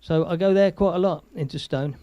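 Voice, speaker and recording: An Englishman chats loosely on his casual live stream, rambling, laughing often and reading viewer messages aloud. His warm voice sits high for a man and moves fairly quickly. The sound is dry and close, with no room around it.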